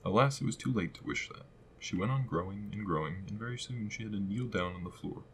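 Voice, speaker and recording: A man reading a classic storybook aloud as narrator, in a steady, measured way. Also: on the low side, a little hiss or hum, low-quality recording. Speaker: audiobook reader.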